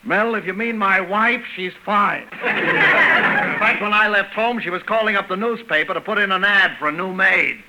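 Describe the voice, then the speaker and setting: A man's voice: high voice, moderate pace, very noisy, lightly acted. An actor playing a pompous, henpecked middle-aged lodge president in a 1940s radio comedy, telling jokes about his marriage with self-mockery. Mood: jovial.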